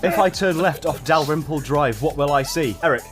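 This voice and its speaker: A man's voice: on the high side, brisk, fairly bright tone, faint music behind. A man with a Welsh accent hosting a comedy podcast quiz, with dry, teasing banter. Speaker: quiz host.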